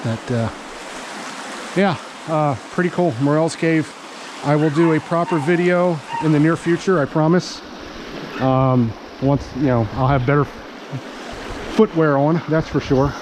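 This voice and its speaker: Middle-aged guy vlogging outside, kinda high voice, folksy and chatty, faint stream noise behind. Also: measured pace. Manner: folksy and chatty, talks sweetly to a stray dog. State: out of breath from climbing a hill. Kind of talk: casual outdoor vlog narration. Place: outdoors by a cave and stream.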